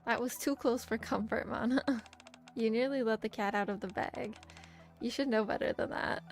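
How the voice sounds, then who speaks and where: A woman's voice: on the high side, moderate pace, faint music behind, natural voice. A woman reading as a sly, formal researcher. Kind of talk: reading game dialogue aloud.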